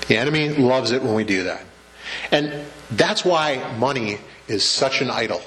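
A man's voice: mid-range voice, animated, moderate pace, a bit bright, a little hiss or hum. A man preaching a sermon to his congregation in a church, chatty and joking, asking the room questions. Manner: conversational preacher, asks the congregation questions and jokes. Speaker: pastor. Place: church sanctuary.

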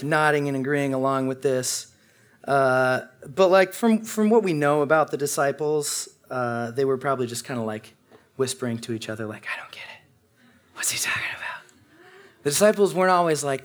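A young man preaching in a relaxed, conversational way, with a voice sitting a little high for a man. He jokes with his listeners and mimics the way people murmur along during prayers. His talk is loose and friendly rather than formal. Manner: conversational and humorous, imitates congregants' murmurs. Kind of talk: casual sermon.

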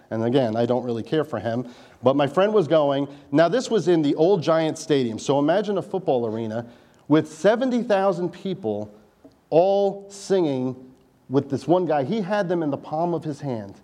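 Guy preaching in church, kinda high voice, chatty and jokey. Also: animated, normal speed, warm tone. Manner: conversational, wry asides. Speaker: pastor. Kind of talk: sermon.

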